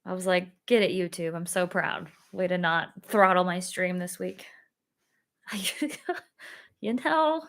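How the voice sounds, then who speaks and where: Speaking at a slow pace with a creaky voice, a young woman runs her own live stream. She chats excitedly and casually, laughing often, using lots of fillers, and letting out sudden high squeals.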